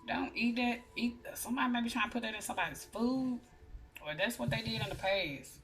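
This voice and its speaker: A woman's voice: fairly high pitch, a little fast, a bit bright, far from the mic. A woman giving a casual, blunt tarot reading, chatting to her viewers. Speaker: tarot reader. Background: music.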